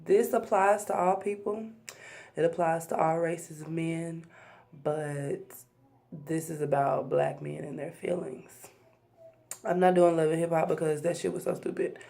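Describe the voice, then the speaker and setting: A woman's voice: low voice, fairly even intonation, gravelly, warm tone. Blunt, profane young woman vlogger. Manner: blunt, profane and preachy, with quick asides to viewers. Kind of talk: casual talking-to-camera vlog.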